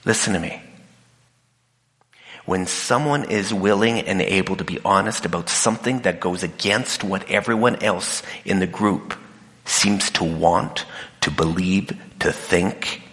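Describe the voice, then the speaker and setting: A man giving an animated talk, his voice bright and forceful. He acts out the people he quotes with jumps in pitch. The sound has a long hall reverb. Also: measured pace. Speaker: speaker. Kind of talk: talk to an audience.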